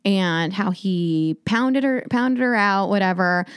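A woman's voice: medium pitch, slow, clear, resonant tone, no room sound, studio quality. A woman comedian chatting casually, telling a long profane story and acting out what people said. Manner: profane storytelling, acts out quotes. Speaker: stand-up comedian. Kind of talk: casual podcast chat.

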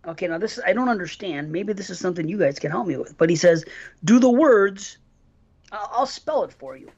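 A man hosts a casual podcast and reads listener mail aloud to his co-hosts. His pitch swings widely as he talks, and the audio is a little dull and lo-fi. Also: animated, a little fast, a little mellow. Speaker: podcast host.

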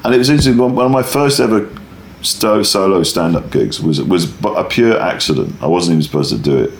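A male stand-up comedian with a deep voice tells a rambling, animated anecdote quickly during an interview, repeatedly breaking off and restarting his sentences. The sound is roomy, with slight background noise.

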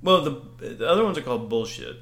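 A man's voice: mid-range voice, sing-song, fast talker, gravelly, a bit bright, roomy sound, a little hiss or hum. A man co-hosting a podcast in casual chat, joking, teasing and crude. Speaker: podcast co-host.

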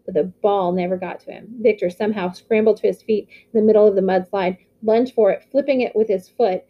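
Lady reading a middle grade novel out loud, steady, mid pitch, slightly muffled audio. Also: brisk. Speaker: audiobook reader. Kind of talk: novel read-aloud.

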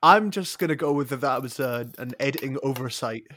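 A man co-hosting a podcast, amused, making slow casual remarks. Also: medium pitch, fairly bright tone, slight background noise. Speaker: podcast co-host. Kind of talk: casual banter.

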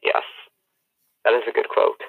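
A man's voice: a little slow, no echo. A young man co-hosting a casual podcast, joking around with goofy remarks. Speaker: podcast co-host. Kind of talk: casual chat. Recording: tinny phone-like sound.

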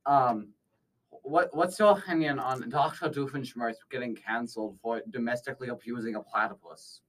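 A man's voice: mid-range voice, moderate pace, a bit bright, distant mic. A man improvising a comedy interview as an evil scientist, rambling and goofy, often correcting himself.

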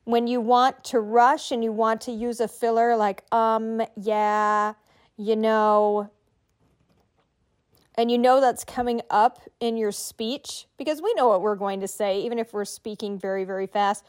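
A woman's voice: on the high side, steady tone, a little slow, clear, resonant tone. A middle-aged woman hosting a podcast, giving writers friendly, conversational tips. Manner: encouraging, conversational, tells listeners what to do. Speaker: podcast host and writing coach. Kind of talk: instructional podcast talk.

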